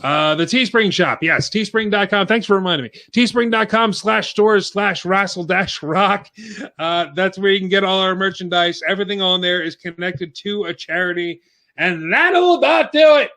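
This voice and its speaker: A man's voice: high voice, normal speed, pushed and bright. A man hosting a casual podcast, chatting loosely with lots of fillers and plugs, a bit out of breath. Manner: rambling, filler-heavy plugging. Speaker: podcast host.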